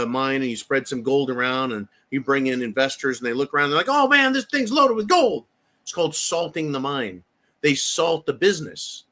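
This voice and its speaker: A man's voice: mid-range voice, fairly bright tone. A man hosting heated political commentary, ranting angrily with profanity and repeating phrases for emphasis. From United States.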